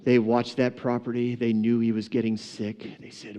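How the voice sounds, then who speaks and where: A man's voice: medium pitch, flat delivery, moderate pace, warm tone, clear, resonant tone, muffled recording. A pastor preaching a sermon to his church, retelling a parable with humor, laughing often and acting out the characters. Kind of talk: sermon storytelling.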